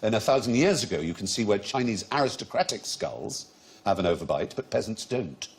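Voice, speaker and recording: Lowish and brisk, this middle-aged man's voice carries a comedy quiz show. Lively and erudite, he relishes explaining odd facts in witty panel-show style and laughs often.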